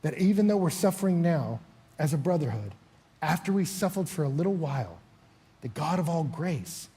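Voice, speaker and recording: A man's voice: on the high side, normal speed, slightly rough. A middle-aged man preaching a sermon as pastor, telling stories and acting out the voices in them. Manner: animated storytelling, acting out voices with big swings in loudness.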